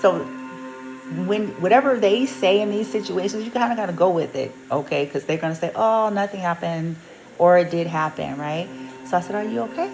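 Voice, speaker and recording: Lively woman telling a story over music. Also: fairly low pitch, fairly quick, gravelly, poor audio. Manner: animated, laughing, colloquial, acts out quoted dialogue. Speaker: reiki practitioner and parent. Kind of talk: casual storytelling vlog. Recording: music playing in the background.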